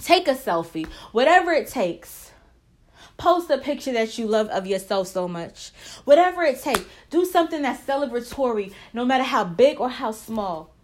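A woman's voice: a little high, very animated, moderate pace. A woman hosting a casual faith talk, earnest and encouraging, who breaks into short prayers as she speaks. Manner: earnest, encouraging, prays aloud mid-talk. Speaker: faith and marriage podcast host.

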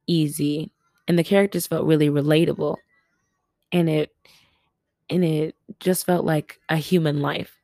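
A young woman from Los Angeles chats through her solo podcast at her family home. Her voice sits low, and she laughs often and breaks into loud exclamations. The sound is close and dry. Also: no room sound. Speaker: podcast host. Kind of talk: casual solo podcast chat.

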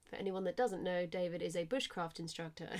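A woman co-hosting a live stream, bubbly and quick to laugh. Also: fairly low pitch, a little mellow. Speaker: radio show co-host. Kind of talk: casual live-stream chat.

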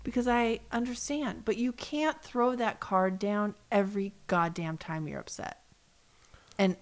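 A woman co-hosting a podcast, chatting casually and animatedly, dropping into hushed asides. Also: medium pitch, a little slow. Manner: animated, drops into hushed asides and mock voices. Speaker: podcast co-host. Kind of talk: casual chat recapping a reality show.

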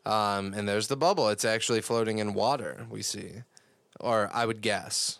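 A man's voice: on the low side, moderate pace, gravelly, fairly bright tone, no echo. A young man casually recapping a cartoon episode on a podcast, rambling and swearing with lots of fillers. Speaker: podcast co-host.

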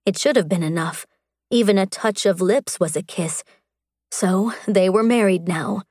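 A woman reading an audiobook in a measured, sensual storytelling style. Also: mid-range voice, darkish tone, no room sound, clean studio sound. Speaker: audiobook narrator. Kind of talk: scripted narration.

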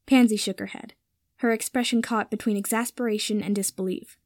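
A woman narrating a story in a measured, even reading style. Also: mid-range voice, dry recording, clean studio sound.

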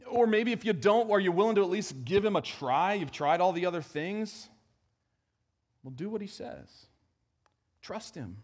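A man preaching in church with a slightly high voice. His delivery is conversational, moving from strong, raised emphasis to soft, hushed moments. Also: expressive, moderate pace, pauses often. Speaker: pastor. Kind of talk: sermon.

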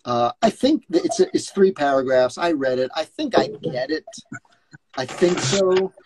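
A man's voice: fairly high pitch, lively intonation, unhurried, a little mellow, a little hiss or hum, low-quality recording. A man co-hosting a livestream, talking casually and cracking jokes. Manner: casual, joking. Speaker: co-host. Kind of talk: livestream chat.

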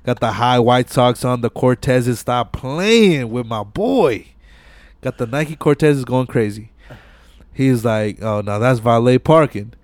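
A man's voice: medium pitch, takes it slowly, dry recording. Casual male podcast host retelling a movie. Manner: animated retelling with profanity, acts out lines. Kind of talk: casual movie recap chat.

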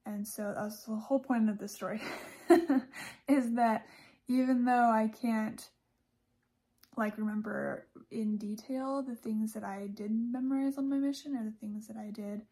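Woman, podcast host, casual chat, chatty, laughs a lot, warm mellow tone. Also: fairly high pitch, steady tone, a little slow. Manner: chatty, laughs often, many fillers. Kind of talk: casual talk about a religious speech.

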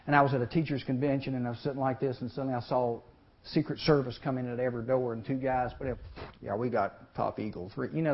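A man preaching to young people, folksy and animated, often asking the crowd questions and acting out the people in the story. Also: mid-range voice. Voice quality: animated, acts out voices in the story. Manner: folksy, talks to the audience with questions. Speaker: youth speaker. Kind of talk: sermon. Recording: muffled lo-fi recording.

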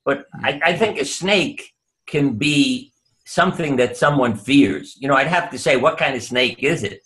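A man's voice: medium pitch, pushed and bright. An older man, a doctor, telling anecdotes in an interview over a video call. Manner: anecdotal, unhurried, drops voice for quoted lines. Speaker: guest, doctor. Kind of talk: storytelling interview.

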